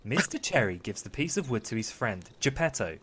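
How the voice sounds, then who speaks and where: A man's voice: medium pitch, sing-song, a little fast, noisy background. A young man hosting a comedy podcast, reading a children's story aloud in a mock-soothing, playful storyteller voice. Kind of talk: comic bedtime-story reading.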